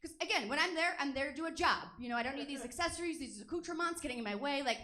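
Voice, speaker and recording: A woman works a comedy theater stage with a raunchy stand-up set. Her voice sits a little high as she rattles off crude, self-deprecating jokes in a brash, offhand way. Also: rapid-fire, crowd noise.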